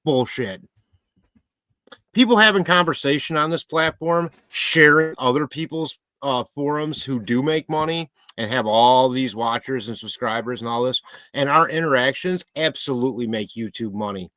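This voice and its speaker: A man's voice: mid-range voice, moderate pace, sharp tone, no room sound. A man from Michigan hosting a casual live stream, joking and rambling as he reads viewer comments aloud. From Michigan, USA. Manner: rambling, joking, talks to his pet.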